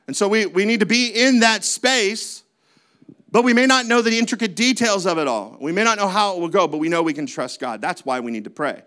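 A man's voice: high-pitched, expressive, brisk, sharp tone. A man preaching a sermon as a pastor, with a conversational manner, lots of rhetorical questions and playful asides.

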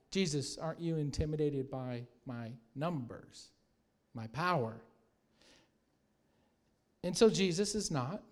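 A man preaching a sermon with animated storytelling, growing soft and hushed at reverent moments. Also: fairly high pitch. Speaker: pastor.

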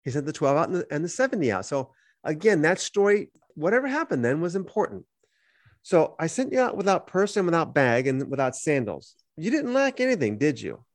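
Man, podcast co-host, animated pitch, slightly high voice, dry close sound, casual Bible teaching. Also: fairly quick, dry recording. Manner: animated, reads scripture aloud then explains it.

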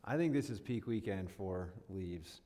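A man's voice: sits low, animated, measured pace, mellow. Chatty man speaking in a reverberant hall. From northern New York State. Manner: chatty and self-deprecating, lots of fillers and checks. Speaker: guest speaker. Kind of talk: casual sermon-style talk.

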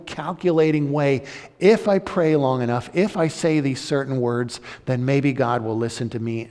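In a hall with long reverb, a pastor preaches a sermon in an earnest, conversational way, often restarting his phrases. His voice sits in the mid-range and is a little mellow.

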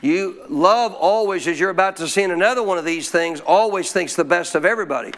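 A man with a high voice preaches a sermon to a congregation. He keeps calling out questions for the room to answer and draws out key phrases slowly for emphasis. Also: a bit bright. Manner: call-and-response preaching with frequent questions to the congregation; slows to stress key phrases. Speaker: pastor.

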